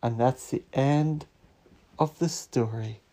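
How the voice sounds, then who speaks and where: A man hosting a bedtime-story podcast, reading aloud to his child in a gentle, expressive way. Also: medium pitch. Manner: gentle, expressive storytelling with slow drawn-out phrases.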